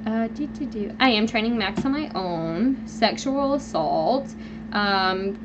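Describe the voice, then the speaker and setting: Young woman on a home livestream, rambly and animated, lots of ums and likes. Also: lowish voice, a little slow, lo-fi sound, noisy background. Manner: rambling, animated storytelling with frequent fillers. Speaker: live-stream host. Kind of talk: casual venting live chat. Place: at home, indoors.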